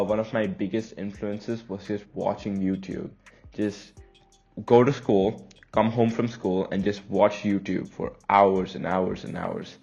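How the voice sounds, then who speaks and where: A young man from India hosts a casual solo podcast, speaking with an American-leaning accent. He talks in a chatty, rambling, self-conscious way, his voice sitting fairly low. The recording sounds a bit dull and lo-fi. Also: darkish tone. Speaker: podcast host.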